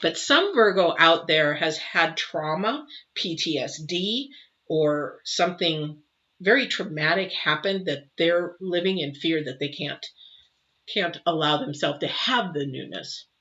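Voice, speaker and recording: A middle-aged woman giving a live intuitive tarot reading, emotional and exclamatory, moving between loud bursts and soft murmurs. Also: sits low, lively intonation, measured pace. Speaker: tarot reader. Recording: slightly dull, faint noise.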